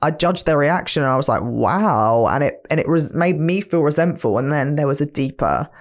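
Low-voiced woman podcast host. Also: animated, fairly quick. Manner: earnest, reflective storytelling. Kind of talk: motivational podcast monologue.

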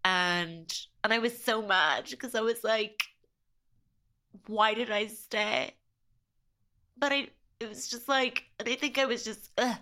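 A woman's voice: a little high, normal speed, hardly any pauses, pushed and bright. A young woman, a podcast guest, telling a personal story in a chatty way, often quoting herself and her family.

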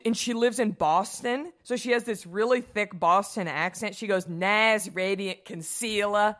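This is a woman co-hosting a chatty beauty podcast, with a middle-pitched voice. She gushes enthusiastically about what she loves and picks up speed whenever she gets excited. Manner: enthusiastic, gushing, talks fast when excited. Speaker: podcast co-host. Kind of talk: casual chat.

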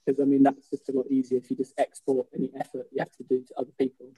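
A man's voice: medium pitch, monotone, very fast, mellow, husky, low-quality recording. A man in casual podcast chat, rambling and hesitant, filling with "like" and "I mean". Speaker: podcast co-host.

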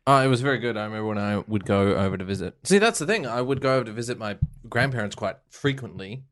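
A man's voice: lowish voice, fast talker, a bit bright. A man co-hosting a casual podcast, mock-indignant and joking. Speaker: podcast co-host. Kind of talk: casual chat.

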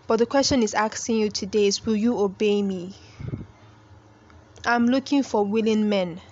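A woman's voice: medium pitch, normal speed, darkish tone, muffled recording. A young woman hosting a faith podcast, speaking earnestly and pleading with listeners like a preacher. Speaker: podcast host.

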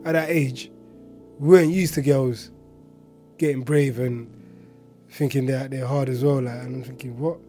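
Mellow-voiced man telling a story. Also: mid-range voice, steady tone, moderate pace, pauses often, faint music behind. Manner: chatty, heavy on filler words and asides. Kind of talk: casual anecdote telling.

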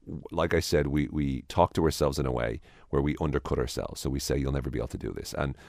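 A man's voice: very deep voice, quick pace, vocal fry, darkish tone, dry recording, clean studio sound. A man, a guest in an interview, explaining ideas at length with frequent restarts and acted-out inner voices. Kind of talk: conversational interview.

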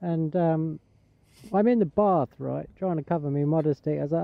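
A man's voice: fairly high pitch, normal speed, gravelly, dry recording. An English man telling a cheeky, rambling story in a voice message sent to a show. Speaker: caller sending a voice message. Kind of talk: casual storytelling. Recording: muffled lo-fi voice message.

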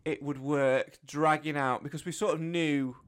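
A man's voice: on the high side, steady tone, normal speed, smooth. A man co-hosting a podcast in casual chat, jokey and rambling as he thinks aloud. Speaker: podcast co-host.

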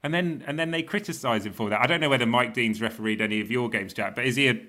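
Chatty podcast host, bright voice. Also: male voice, medium pitch, fast. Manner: chatty, laughs often, steers the talk. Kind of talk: casual sports chat.

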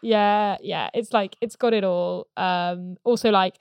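A woman's voice: medium pitch, steady tone, a little slow, clear, resonant tone, dry recording. A woman co-hosting a podcast, chatting casually about a film, laughing often and mocking what the characters say. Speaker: podcast co-host. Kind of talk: casual film review chat.

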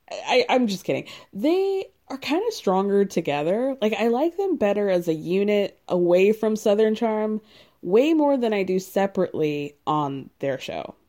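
A woman's voice: medium pitch, warm tone. A woman hosting a podcast, chatting casually through a reality show recap, laughing often and saying "like" a lot.

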